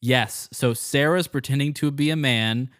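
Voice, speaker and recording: A man's voice: medium pitch, normal speed, fairly bright tone, dry recording, clean studio sound. A man hosting a casual history podcast, reading out narration and joking with his co-host. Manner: laughs easily, joking.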